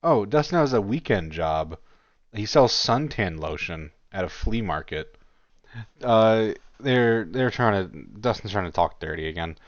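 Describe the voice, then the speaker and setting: A man with a fairly low voice gives casual commentary in a mocking, incredulous tone and swears freely. The recording is dry and a little dull, with no room sound. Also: lively intonation, unhurried, no echo.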